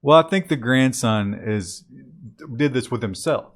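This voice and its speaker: Animated man telling tech news. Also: medium pitch, a little slow. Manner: chatty, laughs often, animated storytelling. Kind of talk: casual news chat.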